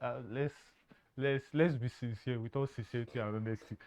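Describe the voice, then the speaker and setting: A man's voice: medium pitch, steady tone, brisk, darkish tone. A man giving earnest football analysis, often stumbling and repeating words. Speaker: football pundit. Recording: dull lo-fi sound.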